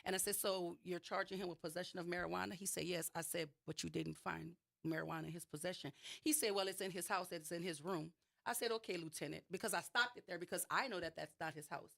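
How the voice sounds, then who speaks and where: A woman with a New Orleans accent speaks as a radio guest, telling her story emphatically and often restarting her phrases. Her voice sits a little low for a woman. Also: fairly even intonation, quick pace, vocal fry, a bit bright. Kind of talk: radio interview, personal account.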